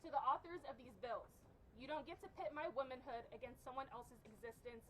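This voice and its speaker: A woman's voice: high-pitched, brisk, rough recording. A woman giving an impassioned, defiant speech outdoors at a rally. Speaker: activist speaker.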